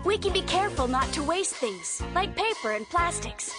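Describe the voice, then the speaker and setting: Bright, chirpy cartoon girl heroine over music. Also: very high-pitched, sing-song, normal speed. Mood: earnest. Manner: upbeat, preachy, kid-friendly. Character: cheerful girl heroine giving a lesson. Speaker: cartoon character in a closing segment. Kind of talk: cartoon dub voice acting.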